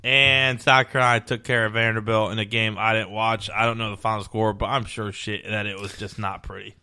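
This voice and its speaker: A man's voice: on the low side, level tone, a little fast, bright, forceful tone, clean tone. Podcast co-host, man, clean resonant voice, blunt and profane. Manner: blunt, profane rundown of scores. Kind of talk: casual sports chat.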